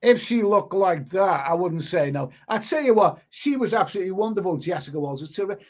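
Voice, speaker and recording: A man's voice: high-pitched, expressive, fairly quick. Rambling man on a lo-fi stream. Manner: rambling, stumbles and repeats words. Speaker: live stream host reading chat. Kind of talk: casual live stream chat. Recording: lo-fi stream audio.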